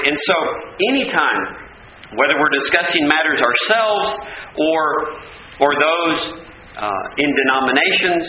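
A man with a fairly high voice preaches an emphatic sermon, hammering key phrases again and again. The sound is very roomy and a little dull, with faint ambience underneath. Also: a little hiss or hum. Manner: emphatic Bible teaching, repeats key phrases.

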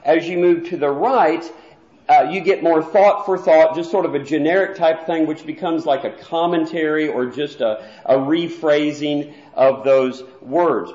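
A man's voice: a little high, unhurried, darkish tone. Man teaching from the pulpit, echoey. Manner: plain, explanatory, walks through a chart. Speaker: preacher teaching a Bible class. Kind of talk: explanatory sermon lesson. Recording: echoey, dull lo-fi room recording.

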